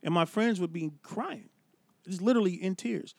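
A man's voice: high voice, normal speed, creaky, darkish tone, dry recording. A man telling stories about his start in stand-up comedy, casual and profane in podcast chat. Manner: profane, loose storytelling. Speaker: comedian guest.

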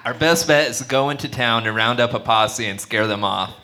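A man's voice: medium pitch, a little fast, natural voice. A man playing a dry, sarcastic sidekick. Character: deadpan, sarcastic male sidekick. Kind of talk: comedy sketch acting. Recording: noisy recording.

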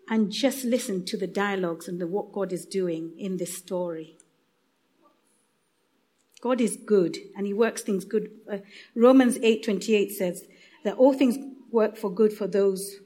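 A woman with an East African accent reads scripture and prays in a church. Her delivery is gentle and unhurried, with the occasional small restart. Her pitch sits in the middle of the range. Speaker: church reader leading prayer. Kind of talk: prayer and Bible reading.

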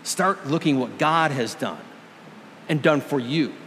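A pastor preaching a sermon, earnest and emphatic, drawing out key words slowly for effect. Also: male voice, a little high, lively intonation, fairly bright tone, in a large hall, a little hiss or hum. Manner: earnest and emphatic, with dramatic slowdowns. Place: church.

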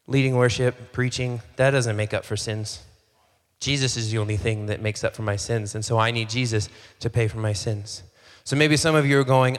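A man preaching a sermon as a pastor, in a relaxed, conversational way, acting out little bits of dialogue and often repeating phrases. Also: mid-range voice, moderate pace, in a large hall. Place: church hall.

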